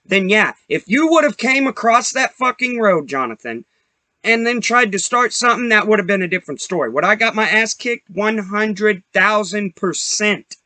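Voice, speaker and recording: A man's voice: high-pitched, expressive, moderate pace, sharp tone, no room sound. A young man hosting a podcast, telling a story in a profane, heated, rambling way. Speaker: podcast host. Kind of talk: casual storytelling rant.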